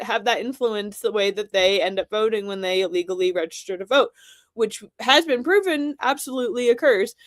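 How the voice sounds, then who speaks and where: A woman's voice: medium pitch, a bit bright, dry recording, clean studio sound. A woman hosting casual political commentary, blunt and sarcastic, swearing freely.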